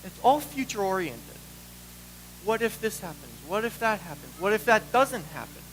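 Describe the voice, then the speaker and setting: High-voiced animated male pastor preaching. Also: normal speed, slight background noise, low-quality recording. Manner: animated, acts out quoted voices. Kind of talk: sermon.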